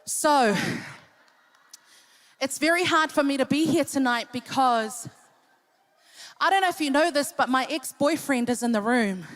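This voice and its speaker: A high, bright-toned woman in her fifties works a dinner crowd with cheeky, teasing banter, taking her time between jokes. She speaks in a large hall at a live event, with faint music underneath. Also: unhurried, pauses often. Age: 50s. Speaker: entertainer at a charity dinner.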